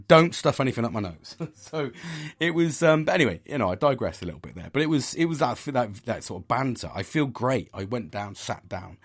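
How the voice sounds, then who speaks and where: A man's voice: mid-range voice, animated, a little fast. A middle-aged man talks openly in a loose, rambling monologue. His voice sits in an ordinary male range, and he swears freely and restarts his sentences often. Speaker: podcast host. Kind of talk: candid personal monologue.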